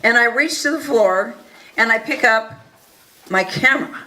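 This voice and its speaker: A woman recounts events to an audience in an earnest, animated way, voicing the people in her story. Her voice is bright and a little high. Faint room noise sits behind her. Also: a little slow, poor audio. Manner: earnest, animated retelling with quoted dialogue. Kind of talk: first-person storytelling talk.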